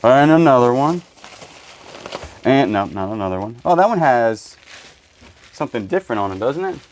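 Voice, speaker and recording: A man's voice: mid-range voice, animated, normal speed. A man hosting a casual storage unit unboxing, cracking goofy jokes as he unpacks. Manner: joking, goofy asides. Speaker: storage unit reseller host. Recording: faint background noise, birds.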